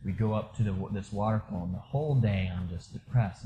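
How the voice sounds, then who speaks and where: A man candidly telling a personal story in a casual, rambling way, full of fillers, going quiet at the low moments. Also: brisk, background noise. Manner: candid, rambling, many fillers, drops soft when reliving low moments. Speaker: storyteller sharing a personal experience.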